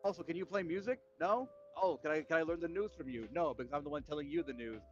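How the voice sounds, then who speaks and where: A man's voice: fairly high pitch, quick pace, lo-fi sound, soft background music. A man ranting animatedly in casual chat, swearing heavily.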